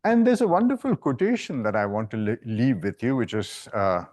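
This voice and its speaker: Discursive male professor with lively pitch. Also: a little fast. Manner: discursive, frequent "right?" tags. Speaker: professor lecturing. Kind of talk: academic lecture. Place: lecture hall.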